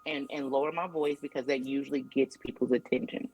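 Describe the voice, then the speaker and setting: A woman's voice: rumbling low, fairly even intonation, brisk, darkish tone, no echo, soft background music, low-quality recording. A woman guest, a yoga teacher, speaking emphatically and directly in a casual chat. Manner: emphatic and direct, spells out firm boundaries.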